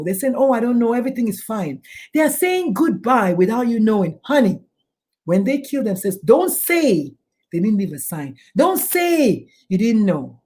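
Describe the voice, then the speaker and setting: A middle-aged woman, a doctor and suicide prevention speaker, appears as a guest in a talk show interview. Her voice is a little high with a dark tone, and she's emphatic and preachy, often acting out the people she quotes.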